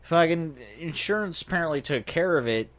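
Young male co-host, expressive and bright, f-bomb-heavy anecdote teller. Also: a little high, fairly quick. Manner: animated, swearing constantly, acts out quotes. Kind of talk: casual profane banter.

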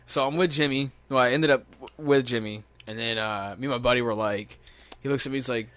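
A man's voice: mid-range voice, fairly quick, a bit bright, a little hiss or hum. Profane rambling young man telling stories. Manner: profane, rambling, laughs often. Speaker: podcast host. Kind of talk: casual storytelling chat.

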